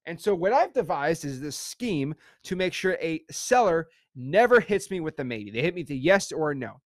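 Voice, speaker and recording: An emphatic man running an online real estate lesson, repeating himself and checking in with his listeners. His voice sits a bit high. The sound is dry and close to the mic. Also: animated, moderate pace, no room sound. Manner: emphatic, repetitive, keeps saying "okay" and "again". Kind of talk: online teaching session.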